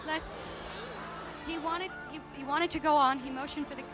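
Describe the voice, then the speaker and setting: Calm, matter-of-fact woman on stage. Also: high-pitched, normal speed, music in the background. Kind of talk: explaining during a live stage act.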